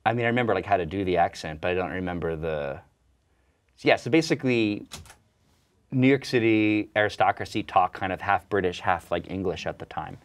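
Low-voiced man telling stories. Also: a little fast. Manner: relaxed, joking storyteller. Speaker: actor and guest. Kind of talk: casual interview chat.

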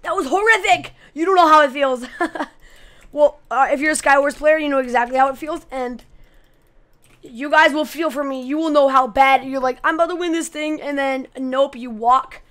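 A high-pitched woman giving gameplay commentary as a channel host. She talks in an excitable, chatty way and trash-talks her opponents playfully. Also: normal speed.

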